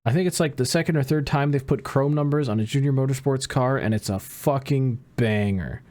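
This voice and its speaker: A man's voice: medium pitch, fairly quick, a little mellow. A man on a casual podcast, talking loose and profane, ranting with bursts of rising energy. His voice sits mid-range. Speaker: podcast co-host.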